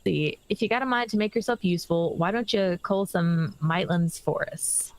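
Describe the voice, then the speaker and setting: A woman's voice: fairly low pitch, normal speed, no echo, lightly acted, low-quality recording. A woman voicing a weary chocobo trainer from a game, folksy and drawling. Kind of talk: reading game dialogue aloud.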